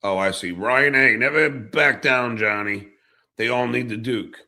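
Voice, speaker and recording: A man's voice: mid-range voice, measured pace, sharp tone. A man on a live stream talking through an incident, thinking aloud with hesitant, profane asides. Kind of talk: casual crude banter.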